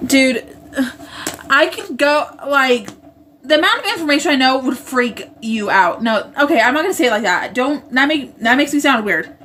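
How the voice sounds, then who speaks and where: Lady livestreaming from her room, kinda high voice, rambles and keeps correcting herself while reading chat. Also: expressive, normal speed, fairly bright tone, slight background noise. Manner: rambling, often stops and corrects herself mid-sentence. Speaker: livestream host. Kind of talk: casual livestream chat, reading viewer comments aloud. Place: indoors at home, roommate in the next room.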